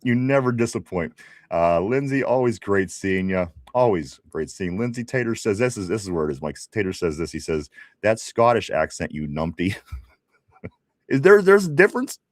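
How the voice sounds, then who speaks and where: A man's voice: on the low side, sing-song, moderate pace, no room sound, studio quality. A man with a Pittsburgh accent co-hosting a live sports show, reading viewer comments with teasing laughs. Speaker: podcast co-host.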